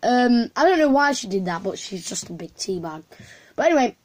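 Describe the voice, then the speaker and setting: A woman's voice: a little high, very animated, brisk, darkish tone. A woman, casually telling a story to camera in a rambling way with lots of fillers and restarts.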